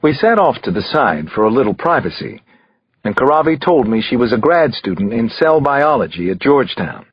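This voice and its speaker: A male narrator reads a thriller with an expressive delivery, and his pitch rises and falls a lot. His voice has a husky grain. The recording is dry, close and a little dull. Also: moderate pace, no echo. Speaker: audiobook narrator.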